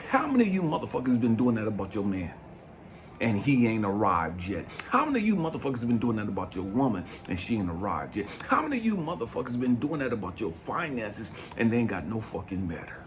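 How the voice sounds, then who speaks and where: A man in his fifties, a life coach giving a blunt, profane motivational talk. He swings from low brooding to loud, fired-up preaching. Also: very animated, brisk. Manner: blunt and profane, keeps asking "you know what I mean". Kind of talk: impassioned motivational monologue.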